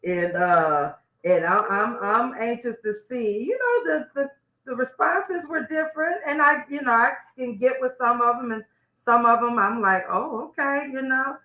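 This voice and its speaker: A woman's voice: a little high, moderate pace, sharp tone. A woman hosting a live internet radio show, chatting casually with guests and listeners and often restarting her sentences. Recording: roomy echo.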